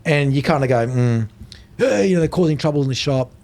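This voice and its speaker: A middle-aged man tells stories as a podcast guest, with a mid-range voice. He swears freely and acts out the people in his anecdotes. The talk is loose and animated. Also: medium pitch, a little fast. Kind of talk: storytelling in casual chat.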